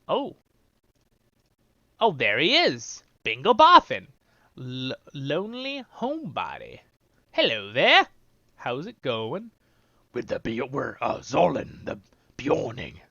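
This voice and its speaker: Casting: male game host, lively up-and-down delivery, dull dry mic sound. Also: mid-range voice, slow pace, vocal fry, pauses often, no room sound. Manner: chatty, talks straight to viewers. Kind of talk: let's-play game commentary.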